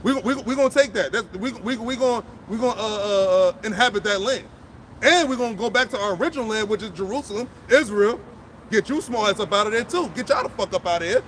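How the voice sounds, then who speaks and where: A man's voice: sits high, animated, quick pace, a bit bright, slight background noise. A man preaching outdoors, blunt and profane, fired up and repeating himself as he drives each point home. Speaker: street preacher. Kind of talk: impassioned outdoor sermon.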